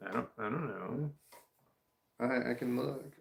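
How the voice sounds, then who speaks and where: A man with a gravelly, low-middle voice talks straight to his camera at home in a loose, rambling vlog monologue. He circles back and repeats himself, and swears when something annoys him. The room around him is echoey. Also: measured pace. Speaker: vlogger.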